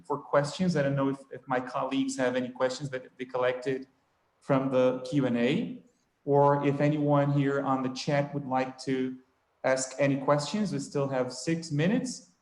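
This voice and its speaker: A man's voice: medium pitch, fairly even intonation, normal speed, a little mellow. Male moderator, polite and formal, video-call audio with room echo. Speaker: event moderator. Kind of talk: online event moderation.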